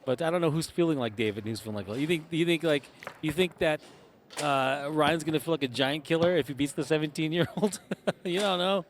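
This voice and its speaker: A man's voice: fairly high pitch, fast talker, slight background noise. A man giving color commentary on a table soccer match, chatty and musing, with easy laughs. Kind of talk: live sports commentary.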